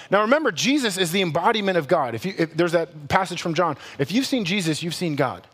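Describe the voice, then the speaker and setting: A male pastor preaching a sermon in a conversational, animated way, with playful asides and quick self-corrections. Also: high-pitched, husky. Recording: long hall reverb.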